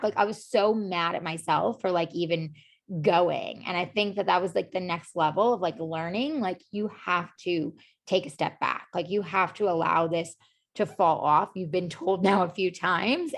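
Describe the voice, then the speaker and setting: Lowish-voiced woman on a podcast, super candid, lots of "like" and "you know". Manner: heavy use of "like" and "you know" fillers; earnest and emotionally open. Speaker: podcast guest. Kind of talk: candid personal storytelling in conversation.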